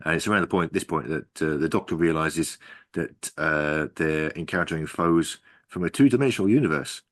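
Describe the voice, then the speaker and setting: A man's voice: extremely low pitch, moderate pace, a bit bright, dry recording, studio quality. A man co-hosting a podcast, casually recapping a plot with lots of ums and restarts. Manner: rambling, recapping with many fillers. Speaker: podcast co-host. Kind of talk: casual chat.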